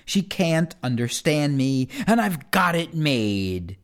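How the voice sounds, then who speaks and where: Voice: mid-range voice, sing-song, takes it slowly. A reader performing rhyming children's poems in a first-person kid's voice, with a playful sing-song delivery.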